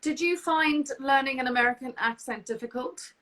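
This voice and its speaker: A woman's voice: high-pitched, normal speed, fairly bright tone, rough recording. A woman from South Africa hosting an interview, chatty and curious as she asks questions. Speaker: host. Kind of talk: casual interview chat.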